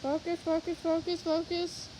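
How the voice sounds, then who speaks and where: This storm vlogger's voice is extremely high-pitched yet monotone and dark in tone, at normal speed, captured in a rough recording with slight hiss or hum. On a handheld phone she films a windstorm outdoors by a house, then a garage, narrating live with breathless exclamations.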